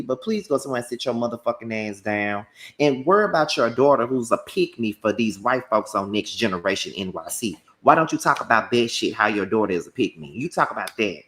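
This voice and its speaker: A man delivering a combative, profane commentary rant packed with rapid-fire rhetorical questions. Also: lowish voice, fairly bright tone. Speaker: commentary YouTuber.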